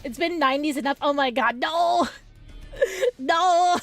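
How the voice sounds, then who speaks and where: A woman's voice: high voice, unhurried, faint music behind. A woman streaming, chatting casually and playfully with viewers, giggling often. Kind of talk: casual live-stream chat.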